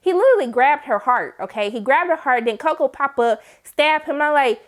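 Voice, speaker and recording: A young woman recapping a TV episode in casual speech, animated and sassy, swearing freely and acting out the characters' lines. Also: high voice, normal speed. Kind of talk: casual recap with acted-out quotes.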